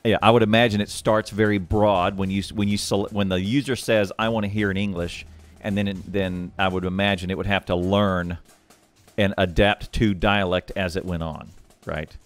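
Man, deep voice, casual podcast host, rambling, thinks out loud. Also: little pitch movement, moderate pace. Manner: thinking aloud, rambling with restarts. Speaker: guest host.

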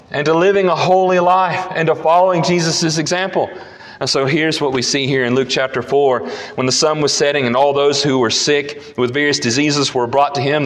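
A man preaching with emphasis, repeating his key phrases and swinging his voice up and down as he works through scripture. His voice sits somewhat high for a man. A long reverb trails behind every word. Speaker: pastor. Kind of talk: sermon.

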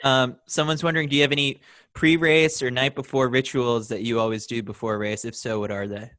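A man hosting a casual podcast, reading out listener questions in a relaxed, matter-of-fact way. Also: mid-range voice, a little fast, no echo.

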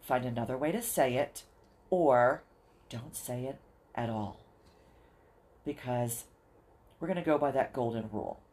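A podcast host talking straight to listeners in an earnest, encouraging way, slowing down to spell things out. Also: mid-range voice, animated, a little mellow. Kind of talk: solo podcast talk to listeners.

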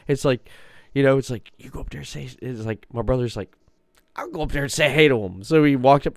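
A man's voice: mid-range voice, quick pace, no room sound, clean studio sound. A man hosting a podcast, telling rambling stories in casual chat and laughing often. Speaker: podcast host.

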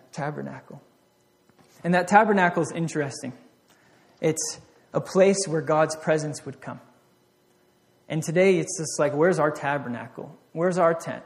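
A man preaching a sermon, earnest, swinging from loud exhortation to hushed reflection, often repeating and restarting his phrases. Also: fairly high pitch, big-room sound.

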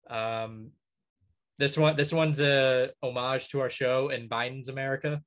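This middle-pitched male voice belongs to a podcast co-host talking at a moderate pace. He works his way through a long list in relaxed chat, umming and uhing throughout and laughing a little at what he picks.

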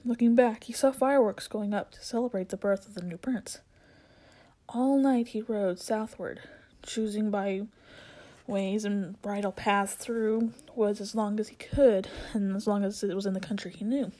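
A woman reading a novel aloud as a podcast narrator, steady with small slips and restarts. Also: medium pitch, normal speed. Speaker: audiobook reader.

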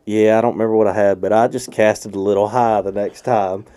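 A man's voice: on the low side, steady tone, quick pace, mellow. A man, co-hosting a podcast and telling a fishing story in a casual, laughing, profane way. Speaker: podcast co-host.

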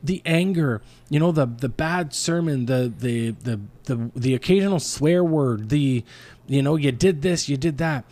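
A man's voice: fairly high pitch, measured pace, darkish tone. A man in his thirties, a pastor, talking earnestly in a casual chat, rambling with many restarts.

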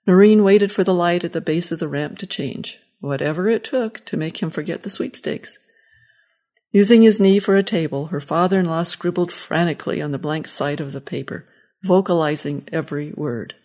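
Woman reading a story aloud, lowish voice. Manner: gentle, measured storytelling. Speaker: story reader.

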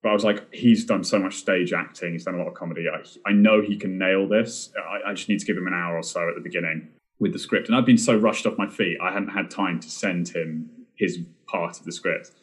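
A man's voice: low-pitched, steady tone, brisk. A young man chatting casually on a podcast, rambling and self-deprecating with plenty of fillers and restarts. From Britain. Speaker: film director and podcast guest.

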